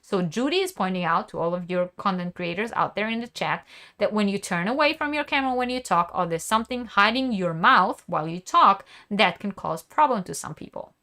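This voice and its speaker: A woman's voice: medium pitch, expressive, fairly quick, bright, forceful tone. A woman hosting a crafting live stream, chatting casually and reading viewer comments aloud. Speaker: crochet channel host.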